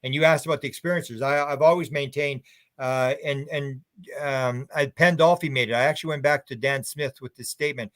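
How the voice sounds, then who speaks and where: A man's voice: mid-range voice, fairly even intonation, fairly quick, fairly bright tone, dry recording. Older man rambling, opinionated, dry sound. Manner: rambling, opinionated, talks in long run-on thoughts. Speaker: UFO researcher guest. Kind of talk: radio interview answers.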